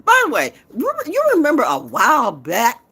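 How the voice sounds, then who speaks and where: A woman's voice: fairly high pitch, huge pitch swings, normal speed, bright, forceful tone, husky. A woman poet who hosts her own show, ranting in a defiant, profane, trash-talking way. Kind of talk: confrontational rant.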